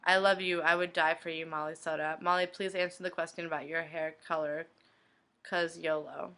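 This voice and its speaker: A young woman vlogger flatly reading fan messages from her inbox aloud, one after another. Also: low-pitched, moderate pace, poor audio. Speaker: video blogger reading fan questions.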